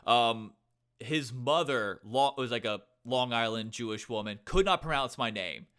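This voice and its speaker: A man's voice: mid-range voice, measured pace, fairly bright tone, smooth. A man hosting a casual interview, chatty and friendly in his questions. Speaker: podcast host.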